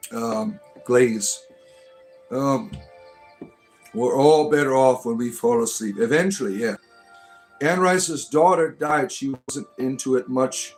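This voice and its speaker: A man hosting a live stream, reading viewers' comments aloud in a casual, rambling and joking way, with many restarts, from the United States. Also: medium pitch. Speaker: livestream host reading chat comments.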